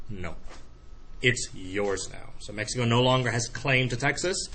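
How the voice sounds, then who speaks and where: A man teaching a history lecture in a classroom, lively and joking, acting out quick voices to explain his points. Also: medium pitch. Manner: animated, acts out voices in analogies.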